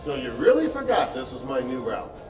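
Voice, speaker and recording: An actor playing a dry, oblivious airline pilot who is in love with a married passenger, in a live stage comedy. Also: male voice, mid-range voice, a little fast, music in the background. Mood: deadpan. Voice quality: deadpan, dry delivery. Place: theater stage. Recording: echoey theater stage from far off, faint noise.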